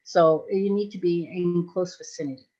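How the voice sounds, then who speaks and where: A woman's voice: fairly low pitch, fairly even intonation, moderate pace, dark tone, faint music behind. A woman in her sixties from Belgium, a hypnosis trainer chatting casually on a livestream, rambling and often laughing. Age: 60s. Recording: dull lo-fi livestream audio.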